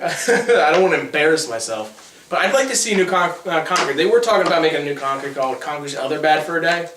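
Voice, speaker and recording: A man's voice: fairly high pitch, expressive, fast, noisy background. Rambling young man, distant and echoey. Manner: rambling, hesitant, many fillers and giggles. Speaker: co-host. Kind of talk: casual gaming chat. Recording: echoey room, away from the mic.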